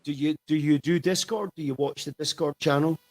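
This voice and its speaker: A man's voice: a little high, steady tone, brisk, a little mellow. A man hosting a casual interview, asking questions and answering with brief agreement. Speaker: host.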